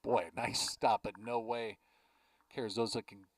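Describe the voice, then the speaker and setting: A man's voice: fairly even intonation, unhurried, no room sound, recorded from a distance, low-quality recording. Easygoing male baseball play-by-play announcer. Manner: easygoing, chatty between pitches.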